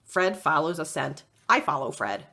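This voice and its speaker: A woman librarian reading a chapter book aloud for children, slowly and expressively. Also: sits low. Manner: slow, very expressive. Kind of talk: read-aloud storytime.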